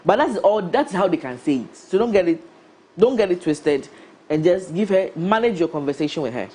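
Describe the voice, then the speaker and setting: A woman's voice: lowish voice, animated, fairly quick, dark tone, slightly rough. A woman with a Ghanaian accent, an HR professional giving career advice in an emphatic, advising way with rhetorical questions. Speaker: HR professional guest.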